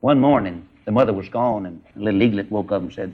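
A man preaching, telling a folksy animal story with animated delivery. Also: on the low side, fast talker, breathy edge, lo-fi sound. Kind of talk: sermon storytelling.

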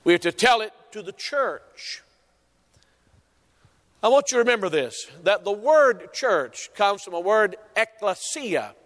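Male pastor, higher voice, measured sermon delivery, church hall reverb. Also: animated, fairly bright tone. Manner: deliberate preaching cadence, quotes scripture.

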